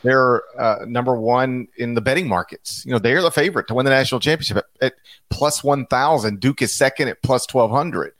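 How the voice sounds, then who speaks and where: A man's voice: medium pitch, no room sound, studio quality. A man co-hosting a basketball podcast, talking casually and with animation, often restarting his sentences. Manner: animated, chatty, with restarts and quick asides. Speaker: podcast co-host, basketball analyst.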